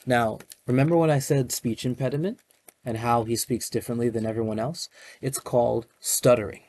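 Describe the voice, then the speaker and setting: A man, a children's librarian, reading a picture book aloud to young children in a gentle manner, stopping to explain the pages. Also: medium pitch, steady tone, brisk, no echo.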